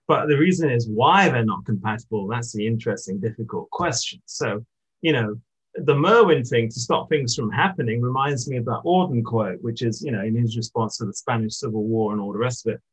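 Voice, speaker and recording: A poet in conversation, speaking thoughtfully about poetry and pausing to restart his sentences. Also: medium pitch, husky, poor audio. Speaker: poet, interviewee. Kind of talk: reflective literary conversation.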